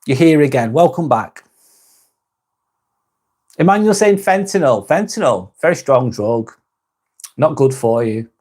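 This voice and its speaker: A British man hosting a live stream, chatting with viewers in a calm, relaxed, easygoing way. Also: mid-range voice, a little slow, pauses often, slightly rough. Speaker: live-stream host reading viewer comments. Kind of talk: casual live-stream chat.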